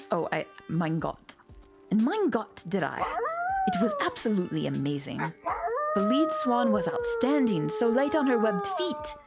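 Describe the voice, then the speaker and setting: Lady voicing a dramatic german-accent dog wife, gravelly, soft game music. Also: medium pitch. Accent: put-on German.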